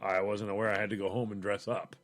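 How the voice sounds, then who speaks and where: A man's voice: fairly low pitch, quick pace. A man co-hosting a casual chat, telling a story with acted-out voices. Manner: animated storyteller, acts out voices. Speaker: podcast co-host.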